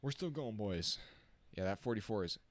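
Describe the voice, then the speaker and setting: Excitable man calling a race live. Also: fairly low pitch, moderate pace. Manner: excitable, reacts on the fly, chats to viewers. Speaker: live-stream race commentator. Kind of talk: casual live-stream race commentary.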